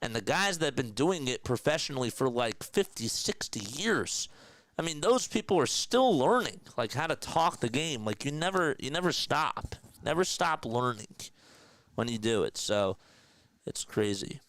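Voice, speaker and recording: A man calling a basketball game play-by-play on a home stream, getting loud and excited on big shots and chatting casually with viewers between plays. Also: medium pitch, normal speed, no echo. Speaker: play-by-play caller. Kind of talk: live basketball play-by-play with chat asides.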